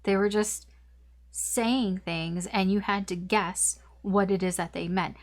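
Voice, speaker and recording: A woman does a casual tarot reading in a medium-pitched voice, keeping a steady tone and measured pace. Her talk rambles and chats along, full of fillers and the occasional swear word.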